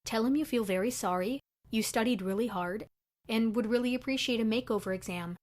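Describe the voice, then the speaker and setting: Sleepy young frat guy, calm, level-headed, animated story, voiced by a woman narrator. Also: fairly high pitch, a little fast, natural voice.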